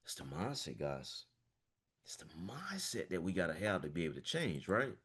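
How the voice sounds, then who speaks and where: A man's voice: deep voice, very animated, normal speed, fairly bright tone, husky. A man, a financial coach giving a passionate, emphatic motivational talk over a video call, peppered with "man". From small-town Florida, US.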